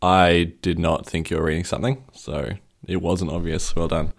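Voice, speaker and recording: A man's voice: deep voice, flat delivery, moderate pace, gravelly. A man co-hosting a podcast in casual chat, asking probing, analytical questions. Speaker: podcast co-host.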